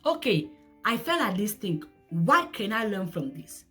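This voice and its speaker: A woman's voice: mid-range voice, sing-song, a little slow, bright, forceful tone, soft background music. A woman speaking as a life coach in an emphatic, repetitive motivational talk, with non-native English phrasing.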